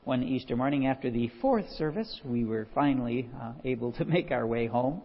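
A man's voice: mid-range voice, fairly quick, breathy edge, big-room sound, dull audio. A man preaching a sermon, reading scripture aloud and telling stories with frequent chuckles. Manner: animated storyteller, chuckles often. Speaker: pastor.

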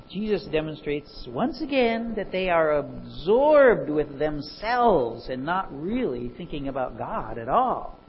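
A man preaching a sermon, animated and full of rhetorical questions. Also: fairly high pitch, slow pace, few pauses, highs cut off.

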